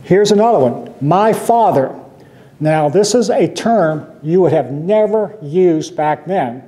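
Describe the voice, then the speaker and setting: Guy teaching sunday school, kinda high voice, chatty, keeps asking the class questions. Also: expressive, slow pace, dark tone. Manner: conversational, asks rhetorical questions, quotes scripture with emphasis.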